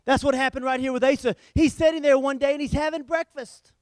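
A middle-aged man preaching a sermon, telling the story with animated swings between loud emphasis and hushed lines. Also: very high-pitched, fast talker, no room sound.

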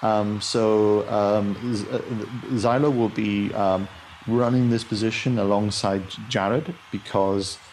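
A man's voice: fairly low pitch, steady tone, slow pace, a little mellow, slight background noise. A man co-hosting a live podcast, playful and rambling with lots of fillers and the odd swear. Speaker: podcast co-host. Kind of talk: casual chat.

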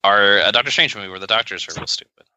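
A man's voice: fairly low pitch, fast, bright, forceful tone, smooth, dry recording, dull audio. A man co-hosting a podcast, talking in a casual, joking and sarcastic way, rambling with many fillers. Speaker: podcast co-host. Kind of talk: casual chat. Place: podcast recording session.

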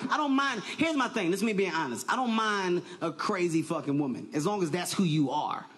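A man doing a stand-up comedy set, loud and animated, often shouting his punchlines. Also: high-pitched, fairly quick.

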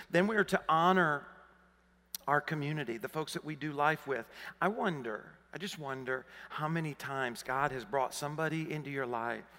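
A man in his fifties from Arkansas with a Southern accent, preaching a sermon, rising to emphatic questions and dropping low for personal stories. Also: pushed and bright, big-room sound. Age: 50s. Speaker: pastor. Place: large church hall.

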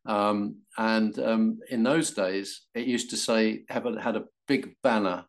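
Older English male actor, lively raconteur, lowish voice, voices the people in his stories. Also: unhurried, gravelly. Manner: animated storyteller, acts out quoted voices, laughs often. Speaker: actor guest. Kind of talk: anecdotal interview.

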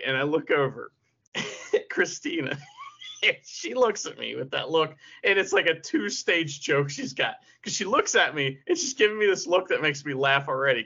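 A man co-hosts a casual podcast, spinning stories with lots of laughter and cursing. His voice sits a bit high and is bright, with a very lively, swooping delivery. The audio is somewhat dull and lo-fi. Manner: animated, laughs often, swears freely. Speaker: podcast co-host. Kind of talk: casual chat, storytelling.

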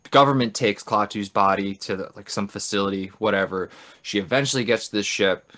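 A man's voice: lowish voice, fairly quick, a bit bright. A man casually recapping an old film on a podcast, loose and profane, often acting out the characters' lines. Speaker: podcast co-host.

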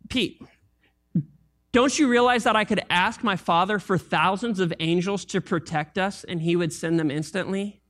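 A man voicing a calm male teacher gently rebuking a follower in a hushed voice. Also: high-pitched, normal speed. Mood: gentle. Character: calm correcting male teacher speaking softly.

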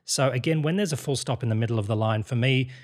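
Man, acting coach, explains verse rhythm, encouraging, mid-pitched voice. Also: fast talker. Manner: encouraging, analytical, many restarts.

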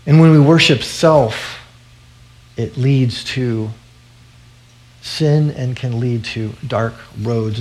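A man preaching a sermon in an earnest, steady way at a mid pitch. He often stumbles over his openings and repeats words before carrying on. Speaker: pastor.

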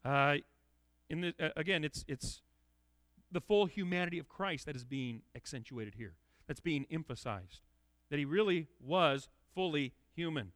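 A man's voice: a little high, animated, normal speed, a bit bright, no echo. A man giving an expository sermon in an earnest, emphatic way, often repeating words as he restarts. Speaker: preacher.

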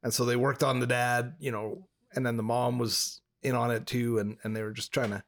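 A man in a relaxed podcast chat spins a drawn-out joke at a middling pitch. He tells it with animation and jumps into sudden loud, high-pitched character voices. His delivery is that of a practiced storyteller. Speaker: podcast co-host. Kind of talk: casual chat, telling a long joke.

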